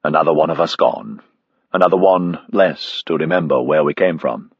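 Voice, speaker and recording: A man's voice: rumbling low, moderate pace, vocal fry, husky, dry recording, highs cut off, voice pushed down, exaggerated voice. A man voicing a formal, courtly British army captain in his seventies, speaking with a British accent. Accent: British (figure). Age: 70s (figure).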